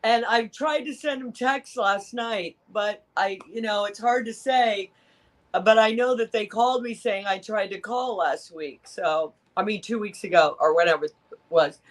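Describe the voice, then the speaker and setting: A man's voice: high-pitched, normal speed, fairly bright tone. A man co-hosting a talk radio show, chatting casually and laughing easily. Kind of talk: casual chat.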